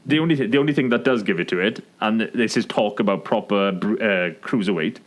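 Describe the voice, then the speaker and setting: Man, low voice, excitable, casual podcast chat, lots of fillers. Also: fast. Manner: excitable, heavy use of "like" fillers. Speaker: podcast co-host.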